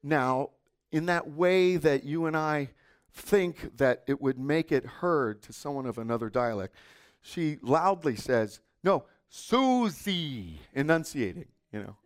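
A middle-aged man preaching a sermon, telling stories expressively and dropping into soft asides. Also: fairly high pitch, unhurried, smooth. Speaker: pastor.

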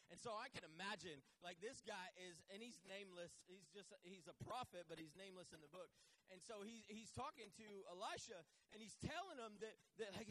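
High, bright-voiced animated preacher man. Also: fairly quick. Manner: animated storytelling, acts out biblical figures in casual voices. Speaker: pastor. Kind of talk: sermon. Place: church.

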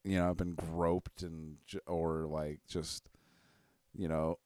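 A man's voice: extremely low pitch, little pitch movement, slow, darkish tone, no room sound, studio quality. A man in casual chat, laid-back and profane, often trailing off mid-thought.

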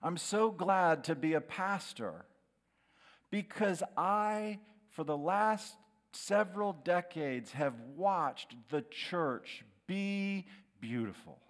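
A middle-aged man preaching as a pastor, in a fairly high, very lively voice that sinks to a hush on key words. He speaks slowly and deliberately. His voice rings with long reverb through a large church hall. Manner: dramatic preaching, dropping to a hushed, slow voice on key words. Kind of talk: sermon.

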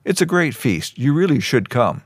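A man reading a story voices a friendly male camp cook, warm in his words and encouraging. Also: medium pitch, big pitch swings, moderate pace, husky, dry recording, studio quality, pitched above the performer's own voice.

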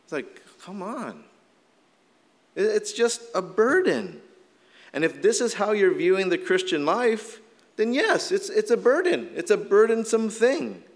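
Hoarse man preaching in a reverberant hall. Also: high-pitched, sing-song, unhurried. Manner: casual, conversational preaching with many "like" fillers. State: slightly hoarse from shouting. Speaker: pastor. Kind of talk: sermon.

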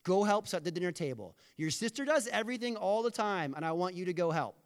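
A man's voice: mid-range voice, very animated, normal speed, big-room sound. A man preaching who puts on a fussy, scornful male guest inspecting a house for dust, in a sniffy, dismissive way. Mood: loud, exasperated.

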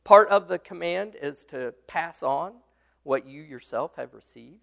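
Male Bible study teacher, gravelly voice, halting and patient, fairly high register. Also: expressive, bright, forceful tone. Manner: halting, many fillers and restarts; explains patiently, responds to students. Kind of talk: leading a Bible study discussion.

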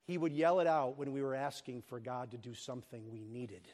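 A man preaching a sermon as pastor of a church, animated and joking with his congregation. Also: mid-range voice, a little fast. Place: church sanctuary. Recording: long hall reverb.

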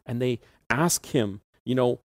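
A male pastor preaching a sermon, retelling the story in a relaxed, conversational way with occasional laughs. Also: mid-range voice, a little slow, no room sound, studio quality.

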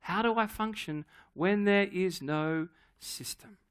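A middle-aged man preaching a sermon, telling a family story in a relaxed, humorous, conversational way. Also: sits high, slow, clean tone. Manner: acts out his daughter's voice in quotes. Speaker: pastor.

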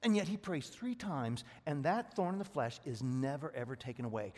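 A man preaching a sermon as pastor, talking quickly in a folksy, plain-spoken way. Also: medium pitch, animated, a little mellow. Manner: fast-talking, self-described; folksy, rural American speech. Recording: long reverb of a large hall.

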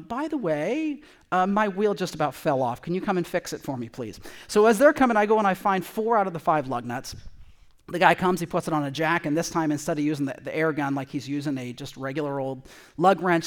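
Animated storytelling pastor, a man. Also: fairly high pitch. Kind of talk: storytelling sermon.

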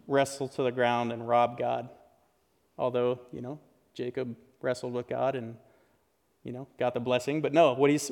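A man's voice: medium pitch, creaky, a little mellow. Earnest male pastor preaching in a reverberant sanctuary. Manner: earnest, conversational preaching with restarts. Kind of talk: sermon. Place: church sanctuary. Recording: long hall reverb.

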